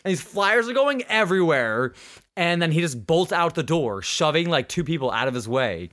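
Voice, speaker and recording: A man's voice: on the high side, normal speed. A young man hosting a podcast, telling stories in casual chat, swearing and acting out the people he quotes. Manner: animated, swearing, acts out quotes. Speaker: podcast host.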